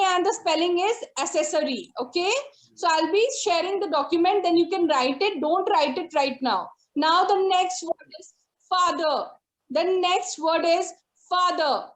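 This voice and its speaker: A woman teaching pronunciation in an online class, repeating each word slowly to drill it. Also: very high-pitched, roomy sound. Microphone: video call.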